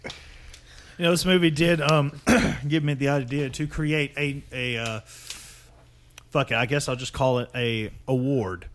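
A man's voice: mid-range voice, fairly even intonation, unhurried. A man co-hosting a casual movie podcast, teasing and profane. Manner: profane, teasing, bursts into shouting. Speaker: podcast co-host. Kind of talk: casual chat.

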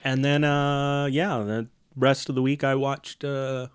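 A man chatting casually about movies on a podcast, jokey and animated, his voice jumping up when excited. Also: mid-range voice, takes it slowly, clear, resonant tone. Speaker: podcast co-host.

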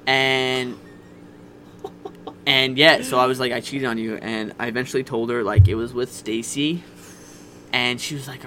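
A man's voice: medium pitch, fairly even intonation, moderate pace, long pauses, sharp tone, slight background noise. A young man casually telling a candid, profane personal story on a podcast. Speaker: podcast guest.

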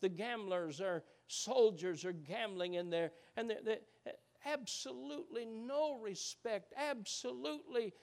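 High-voiced halting male preacher. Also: gravelly. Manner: halting, with many uh's and repeated words; swings from loud and rising to hushed and low. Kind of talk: sermon.

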